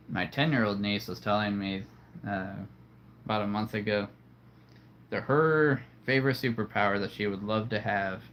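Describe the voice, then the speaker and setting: A man with a low voice hosts a relaxed livestream from home, talking slowly to his viewers. He jokes around and laughs at his own puns. A faint hum of the room sits behind him. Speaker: livestream host. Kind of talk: casual livestream chat with viewers.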